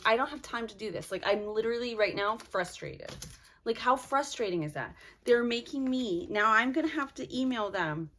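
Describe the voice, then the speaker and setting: A woman's voice: a little high, fairly bright tone. A young woman chats through a subscription box unboxing in a loose, unscripted vlog voice. She sounds frustrated and rambles, leaning on "like" as she talks her way through the items. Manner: frustrated, fills talk with "like".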